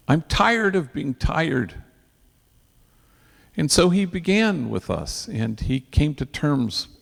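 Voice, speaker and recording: A priest tells an earnest story at an event, his man's voice deeply gravelly and full of fry. He sprinkles Spanish slang through his telling, and a long hall reverb trails behind every phrase. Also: darkish tone.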